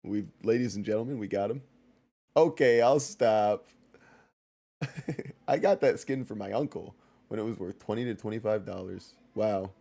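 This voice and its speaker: A man's voice: fairly low pitch, moderate pace, gravelly, long pauses, warm tone. A man giving casual, jokey commentary while streaming a game, laughing often and chatting with his viewers.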